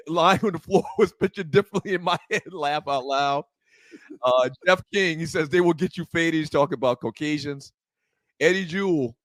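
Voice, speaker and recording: A man co-hosting a casual talk show, lively and emphatic in quick banter. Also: on the high side, no echo. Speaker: co-host.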